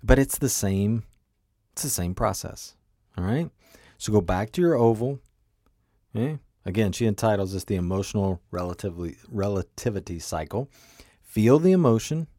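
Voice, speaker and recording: A man's voice: on the low side, expressive, moderate pace, warm tone, no room sound, clean studio sound. A man giving an earnest coaching lesson, repeating key points and asking the listener questions. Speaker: teacher. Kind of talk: coaching talk on emotional regulation.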